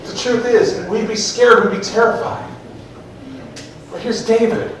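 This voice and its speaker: A man's voice: high voice, steady tone, a little slow, a bit bright, slight background noise. A male preacher giving a conversational sermon, asking the congregation questions, recorded from far off in a church. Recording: echoey church hall, mic far off.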